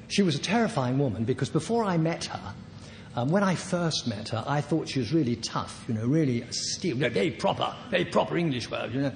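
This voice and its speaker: An older man at a recovery meeting, telling his personal story in a halting, self-deprecating way with soft laughs. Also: medium pitch, big-room sound, slight background noise.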